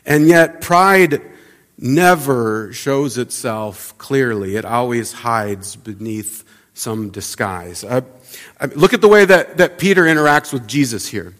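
Guy preaching, chatty sermon, kinda high voice, lots of restarts, big hall echo. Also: expressive, measured pace, a bit bright. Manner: conversational, many restarts and repeated words. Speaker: pastor.

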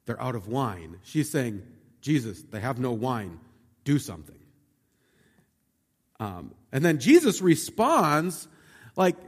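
Casual-talking pastor in an echoey hall. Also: male voice, fairly high pitch. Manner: conversational, uses many fillers like "like" and "right?". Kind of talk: sermon. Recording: long hall reverb.

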